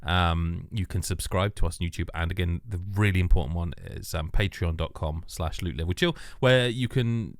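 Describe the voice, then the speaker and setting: A man hosting a casual podcast, rambling with halting restarts and easy laughter. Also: low voice, no echo, clean studio sound. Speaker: podcast host.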